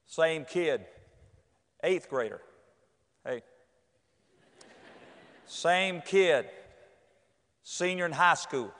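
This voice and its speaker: A man's voice: a little high, takes it slowly, long pauses. A middle-aged man from North Carolina, preaching a sermon full of folksy, humorous stories. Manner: folksy, lively storytelling. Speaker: pastor. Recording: echoey hall.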